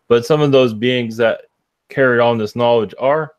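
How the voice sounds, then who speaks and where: A man giving a spiritual channeling reading to callers in a calm, measured way. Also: mid-range voice, smooth, dry recording, muffled recording.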